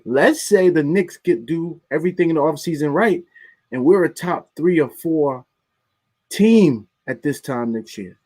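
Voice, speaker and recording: A man's voice: a little high, darkish tone. A man co-hosts a sports podcast and talks in casual chat. He is earnest and lays out his argument step by step.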